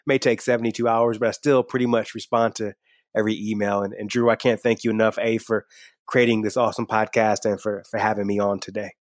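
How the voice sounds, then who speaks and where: A man's voice: lowish voice, little pitch movement, fast talker, no room sound, clean studio sound. A man with a slight twang, candidly answering interview questions on a podcast in an earnest, upbeat way. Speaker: podcast guest and host. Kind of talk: conversational interview.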